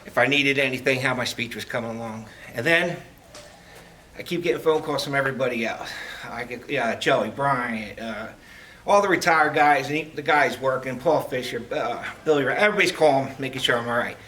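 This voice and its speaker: A middle-aged man giving a heartfelt farewell speech as a retiring police lieutenant, telling stories with halting restarts. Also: mid-range voice, sharp tone. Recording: distant mic, faint background noise.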